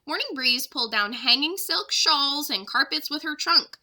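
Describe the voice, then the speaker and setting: A young woman teacher with a very bright, high voice reads a children's chapter book aloud. Her delivery is expressive and lively, rising and falling as she carries the story along. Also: moderate pace. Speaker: third-grade teacher.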